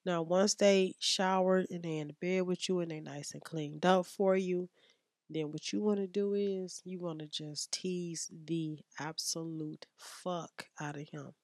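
Woman, podcast host, blunt and profane, low voice, dry close mic. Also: fairly even intonation, unhurried, a little mellow, no echo. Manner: blunt, profane, emphatic with repetitions. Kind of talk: frank casual advice talk.

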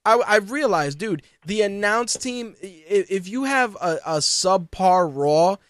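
A man co-hosting a casual wrestling podcast, talking in an animated, profane way and mocking what he quotes. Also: high voice, takes it slowly, dry recording, clean studio sound. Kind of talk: casual chat.

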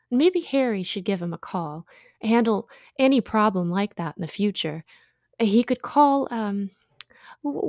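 A woman's voice: mid-range voice, darkish tone, dry recording, studio quality, close to an everyday voice. An actress playing a motherly, middle-aged housewife in an audio drama, soothing and coaxing in a chatty way. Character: motherly, fussing older housewife, sweet yet prying.

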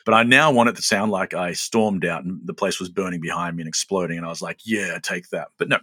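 A man's voice: low voice, quick pace, bright, forceful tone, dry recording. Chatty Australian man in his late forties. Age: 40s. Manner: chatty, self-mocking storyteller. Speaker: guest, show creator. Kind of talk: casual interview chat.

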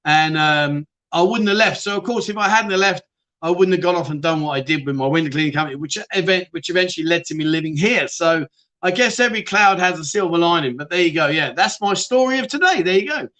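A man's voice: fairly high pitch, quick pace, bright, forceful tone. A middle-aged man hosting a casual live stream, chatting and greeting viewers by name, often laughing. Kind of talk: casual chat reading live comments.

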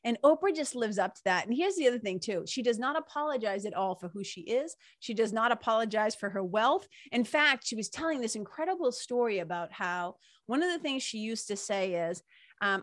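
Recorded in clean studio quality with no echo, a medium-pitched woman shares something personal in a loose, heartfelt monologue. Close to crying, she talks animatedly, leans on "like" and "you know," and keeps bursting into laughter.

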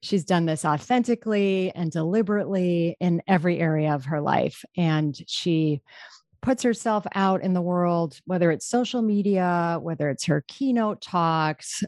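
A woman's voice: fairly low pitch, darkish tone, no echo, studio quality. A woman hosting a podcast, introducing her guest in an effusive, rambling way with many restarts. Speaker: podcast host.

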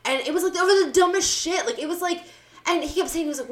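Woman, podcast host, blunt, swears a lot, animated storyteller, casual chat. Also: very high voice, fast talker. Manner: blunt, profane, animated retelling.

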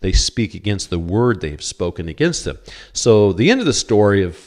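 A man's voice: lowish voice, big pitch swings, moderate pace, darkish tone. A middle-aged man preaching a sermon as a pastor, earnest and quoting scripture, often stammering on repeated words. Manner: cites scripture verses.

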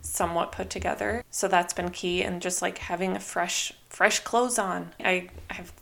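A young woman hosting her own podcast in a casual, chatty way, full of "like" and "you know", now and then quoting herself in lively voices. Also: fairly low pitch, moderate pace, creaky. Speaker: podcast host. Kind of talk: casual solo podcast talk.

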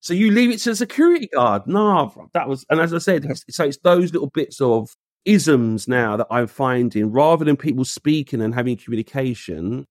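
A man's voice: medium pitch, expressive, normal speed, dry recording, studio quality. A man, telling a story in casual conversation. He acts out the voices he quotes and uses street slang. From England. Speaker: guest.

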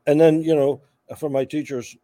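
Older man, mellow faint Southern lilt. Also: fairly high pitch, steady tone, normal speed. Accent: slight Southern. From Charleston, South Carolina. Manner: warm, wry, self-deprecating humor. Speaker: guest, veteran. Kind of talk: casual interview storytelling.

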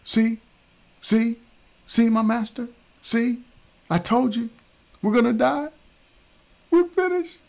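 A man's voice: little pitch movement, fast talker, warm tone. A male preacher voicing a terrified young male servant who keeps crying out that they are doomed. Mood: panicked. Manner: frantic, shrill, repeating himself.

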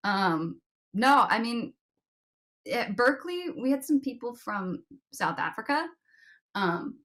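A young woman with an American accent chats easily as a podcast guest, giggling between her sentences. Her talk is loose and self-deprecating, quick to laugh at her own jokes. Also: fairly high pitch, expressive, a bit bright. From United States. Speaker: guest musician. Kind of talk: casual podcast chat.

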